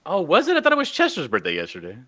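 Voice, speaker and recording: A man's voice: a little high, wildly swooping pitch, rapid-fire, pushed and bright. A man who is a guest on a live stream, chatting casually and teasing in a mock-offended way. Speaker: guest artist.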